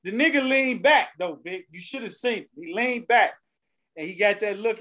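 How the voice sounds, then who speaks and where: Profane, animated male storyteller. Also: high voice, normal speed. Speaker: podcast co-host. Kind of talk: casual storytelling.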